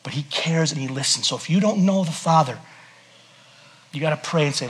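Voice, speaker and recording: A man preaching a sermon as a pastor in a church service, conversational and joking, swinging between loud bursts and hushed earnest tones. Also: on the high side, brisk, pauses often.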